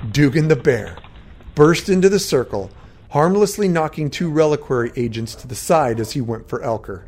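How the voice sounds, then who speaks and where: A man narrating a first-person fantasy adventure story in a dramatic, steady way. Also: fairly high pitch, moderate pace, a little hiss or hum. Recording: faint background music.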